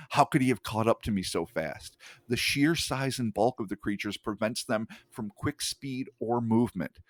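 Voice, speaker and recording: A male podcast host reading an account aloud in a hushed, measured way, with casual swearing in his asides. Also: lowish voice, no room sound.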